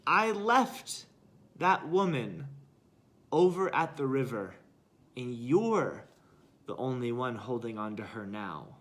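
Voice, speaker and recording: A man voicing a calm, easygoing male monk who answers lightly in a spoken story. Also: medium pitch, takes it slowly, long pauses.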